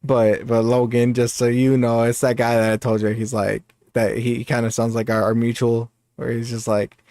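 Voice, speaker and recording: A man's voice: mid-range voice, flat delivery, normal speed, darkish tone, dry recording, clean studio sound. Rambling man on a casual gaming podcast. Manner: rambling, many restarts and laughs. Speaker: podcast co-host.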